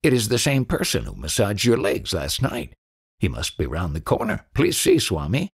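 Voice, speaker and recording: A man's voice: on the low side, huge pitch swings, moderate pace, husky, full character voice. A man voicing a polite householder couple in an audiobook, speaking slyly. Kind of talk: audiobook reading.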